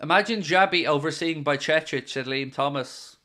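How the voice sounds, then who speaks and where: Bright-voiced Irish man bantering. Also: fairly high pitch, normal speed. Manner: playful, teasing banter. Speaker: host of a football watchalong livestream. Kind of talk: casual livestream chat reading viewer comments.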